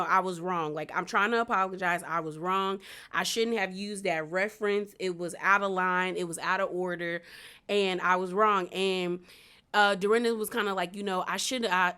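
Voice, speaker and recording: A woman's voice: mid-range voice, fairly bright tone, clear, resonant tone. A young woman casually recapping a reality show, chatty and slangy, with lots of fillers. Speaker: recap vlogger.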